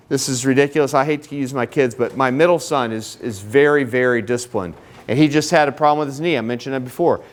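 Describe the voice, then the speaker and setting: A middle-aged man speaking live to an audience at a marriage seminar, conversational and joking, full of personal anecdotes. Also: medium pitch.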